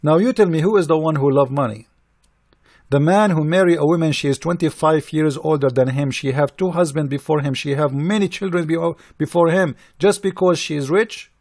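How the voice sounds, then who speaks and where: Indignant, mocking man, slightly high voice. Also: fairly quick, darkish tone, no echo, studio quality. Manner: indignant and mocking, with repeated rhetorical questions; non-native English grammar. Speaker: religious critic. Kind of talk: heated polemical monologue.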